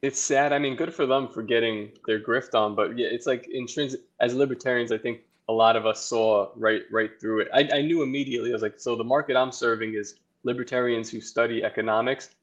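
A man's voice: mid-range voice, fairly even intonation, a little fast, few pauses. Laughing, rambling man in podcast chat. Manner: rambling, profane, laughs often.

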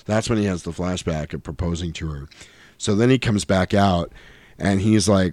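On his podcast, a man casually recaps a film's plot, acting out the characters' lines along the way. His low, slightly mellow voice moves a little fast, with no echo in the recording.

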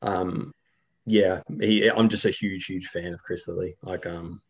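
A man's voice: sits low, steady tone, a little slow, slightly rough. A young Australian man chatting casually as an interview guest, rambling with lots of fillers and restarts. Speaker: guest, video creator.

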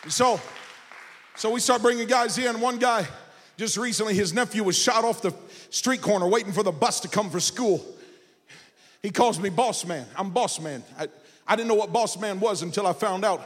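A man pastor preaching a sermon, building from casual storytelling into shouted and sung phrases. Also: high-pitched, normal speed, in a large hall, a faint crowd. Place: church sanctuary.

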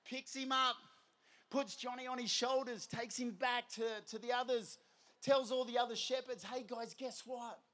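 A man preaching an energetic sermon, telling lively stories and prompting the crowd. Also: very high-pitched, normal speed. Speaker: youth preacher.

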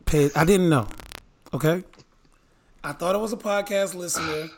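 A man co-hosting a podcast from home in casual chat, quiet and sheepish. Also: fairly high pitch, moderate pace. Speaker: podcast co-host.

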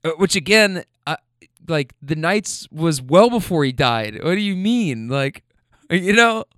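Animated, profane male storyteller. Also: a little high, unhurried, dry recording, studio quality. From Louisville, Kentucky. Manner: animated, profane, self-mocking, trails into fillers. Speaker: storyteller host. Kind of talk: casual comedic storytelling.

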